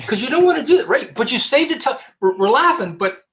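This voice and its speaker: A man, a headhunter giving casual career advice as a podcast guest, animated and joking, often restarting his sentences. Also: extremely high pitch, fast talker.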